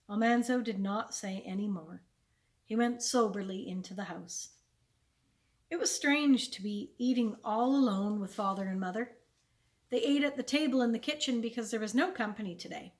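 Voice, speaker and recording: A woman, a children's librarian, reading a chapter book aloud with clear, expressive storytelling. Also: medium pitch, moderate pace.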